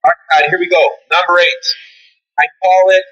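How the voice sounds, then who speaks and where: A man's voice: high voice, flat delivery, moderate pace, fairly bright tone, highs cut off. A man talking as a podcast guest, emphatic and punchy like a coach, swearing casually as he makes his points. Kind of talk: energetic motivational interview talk.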